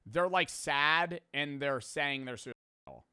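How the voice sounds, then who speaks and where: A man's voice: fairly high pitch, expressive, slow pace, pushed and bright, smooth, no room sound, clean studio sound. A young man who streams, talking bluntly and casually with lots of fillers and swearing. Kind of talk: casual storytelling and reflection.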